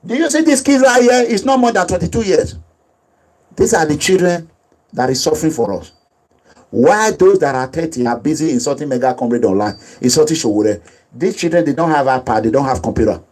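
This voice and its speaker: A man with a Nigerian accent and a fairly high, animated voice talks a little fast in a somewhat mellow tone, captured on a low-quality recording. Speaking as a political activist, he delivers emphatic, repetitive, preachy commentary over video.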